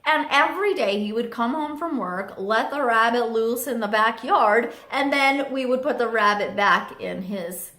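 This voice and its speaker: Young woman, storytime vlog, chatty, slightly high voice, roomy echo. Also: a little slow, few pauses. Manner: chatty, animated, lots of filler likes. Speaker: vlogger.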